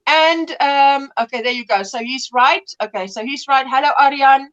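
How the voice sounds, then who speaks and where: A woman's voice: high-pitched, moderate pace, fairly bright tone, muffled recording. A woman in her fifties hosting a crochet livestream from home, chatting casually, greeting viewers and laughing often as she tells stories. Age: 50s. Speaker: livestream host. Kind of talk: casual chat reading viewer comments.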